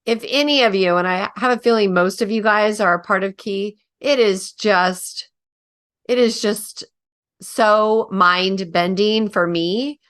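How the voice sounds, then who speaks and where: A woman's voice: medium pitch, fairly bright tone. A woman hosting a casual talk show, enthusiastic and affirming toward her guest. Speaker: host. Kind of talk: casual chat.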